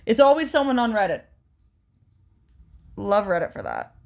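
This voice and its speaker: Young woman co-host, blunt and swearing, lively pitch, casual podcast banter. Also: normal speed, gravelly. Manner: blunt, swears often, animated. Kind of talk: casual chat.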